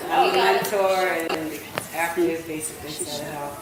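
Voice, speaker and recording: A woman mentor giving a slow, trailing thank-you after a play, laughing now and then. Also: sits low, fairly even intonation, very noisy. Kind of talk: casual thank-you speech. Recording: echoey hall from far off.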